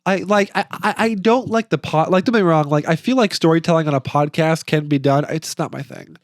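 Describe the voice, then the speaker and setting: A man's voice: fairly high pitch, brisk, no room sound, clean studio sound. A young man co-hosting a casual podcast, rambling and stammering through many restarts. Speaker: podcast co-host. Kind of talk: casual chat.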